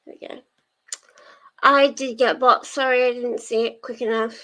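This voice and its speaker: A woman's voice: fairly high pitch, fairly even intonation, normal speed, fairly bright tone. A woman hosting a casual reading livestream, chatting with viewers, giggly and full of fillers. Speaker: livestream host of a reading sprint.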